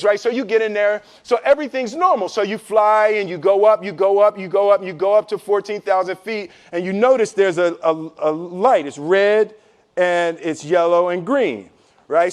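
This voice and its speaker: High-voiced man telling an animated story. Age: 50s. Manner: energetic, laughing, acts out scenes; frequent "right?" and repeated restarts. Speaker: interview guest. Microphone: stands up while talking.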